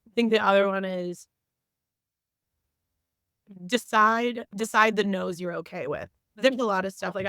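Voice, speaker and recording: Young woman guest, smooth voice, candid storyteller, casual podcast talk. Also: on the low side, bright, forceful tone, no echo. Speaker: guest, teacher and coach.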